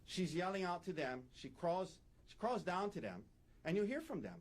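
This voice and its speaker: A man's voice: high-pitched, very animated, moderate pace. A man, a defense attorney, giving an emphatic courtroom opening statement and repeating his key points.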